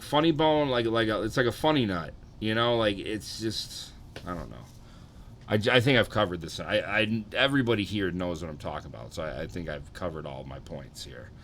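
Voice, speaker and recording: A young adult man chatting casually and profanely on a live stream, rambling and tired, keeping his energy low. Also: pushed and bright, a little hiss or hum.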